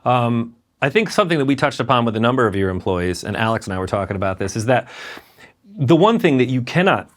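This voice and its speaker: A man's voice: mid-range voice, big pitch swings, fast. A male interviewer asking a guitar maker about quality control, enthusiastic and blunt. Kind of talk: casual interview questions.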